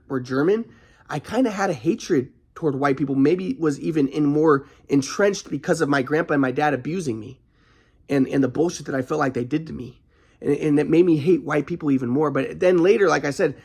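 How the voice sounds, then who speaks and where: A man talks straight through a rambling vlog monologue, stopping and restarting often. His voice sits a bit high and carries a gravelly fry. Sometimes heat flares into it. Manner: rambling, halting, frequent restarts; flares into anger.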